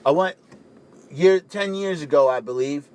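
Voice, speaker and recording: Talking casually and animatedly to camera, this young vegan speaker from the Caribbean rambles on and keeps dropping "you know". He has a fairly high voice and an unhurried delivery.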